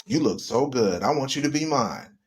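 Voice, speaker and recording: A man voicing a smooth-talking male seducer with a low, coaxing delivery, well below his own pitch. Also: animated, moderate pace, close to an everyday voice.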